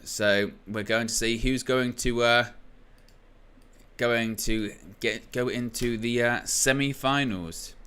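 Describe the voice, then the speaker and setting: Bright-voiced man hosting a stream. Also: medium pitch, fairly even intonation, slow, smooth. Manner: chatty, jokey, reads chat comments aloud. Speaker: host of a football watchalong stream. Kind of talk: casual live-stream chat.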